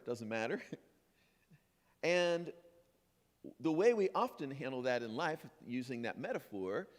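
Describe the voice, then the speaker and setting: A man giving a sermon as minister, playful and animated, acting out imagined voices. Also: mid-range voice. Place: church sanctuary. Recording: long hall reverb.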